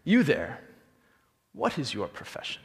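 A man's voice: medium pitch, huge pitch swings, unhurried, vocal fry, big-room sound, heavily acted. A man voicing a proud, stern Spartan king who commands and rallies his warriors. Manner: commanding, bellowing at his troops.

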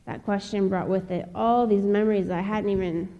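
A young woman from Ohio giving a personal testimony speech, telling her story in an earnest, measured way with pauses. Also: medium pitch, fairly even intonation, highs cut off. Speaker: speaker. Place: chapel. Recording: long reverb of a large hall.

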